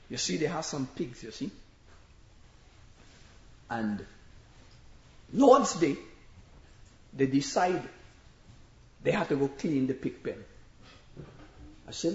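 A male preacher delivering an impassioned sermon, often shouting as he retells Bible stories and repeatedly urging the congregation to listen. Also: fairly high pitch, sing-song, slow, long pauses, slight background noise. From immigrant to America. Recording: echoey, dull lo-fi sermon recording.

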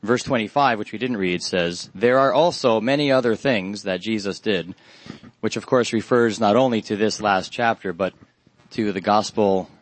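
A man giving an expository Bible study sermon, earnest and halting, lifting his voice on quoted questions. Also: on the low side, dry recording, rough recording. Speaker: Bible teacher.

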